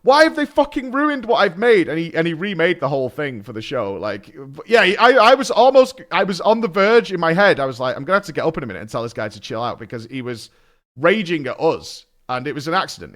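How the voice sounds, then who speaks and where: A man chatting on his stream, his voice rising and falling over a lively range as he recounts a mishap. He swears casually and breaks into laughter, keeping the tone loose and conversational. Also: on the high side, fast. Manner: animated storytelling, swearing and laughing. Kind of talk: casual chat.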